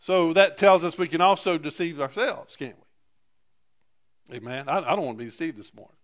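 Man preaching a halting sermon. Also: on the high side. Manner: halting, repeats words, asks congregation "Amen?".

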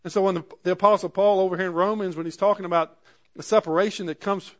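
This sermon comes from a fast-talking man whose high voice keeps a steady tone as he reads scripture and then puts it into everyday speech.

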